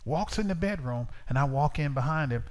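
Speaking briskly in a slightly high, darkish voice with lively intonation, a man delivers a sermon built around a personal story told in plain, casual words. He dramatizes the conversations by raising his voice.

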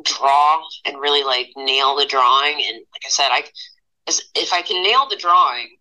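A woman in her thirties from Pennsylvania, a guest artist telling stories in a casual interview, animated and laughing often, with lots of fillers. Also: extremely low pitch, normal speed, low-quality recording. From Pennsylvania, USA.

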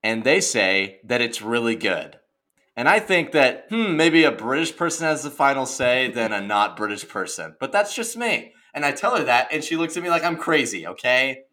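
A man's voice: mid-range voice, sing-song, normal speed, sharp tone. A man with a Southern US accent, joking through a casual chat and laughing often.

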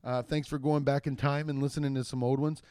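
A man hosting his own comedy podcast alone, rambling in a casual, profane, jokey way with quick asides and restarts. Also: medium pitch, level tone, darkish tone, clean tone, dry recording. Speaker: podcast host and stand-up comedian. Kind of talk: casual solo podcast monologue.

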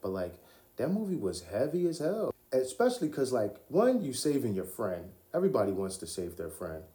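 Alone on his podcast, a young male host chats casually and profanely about movies, laughing frequently. He's very animated at a normal speed, with a mid-range voice and dark tone, and the room echoes noticeably.

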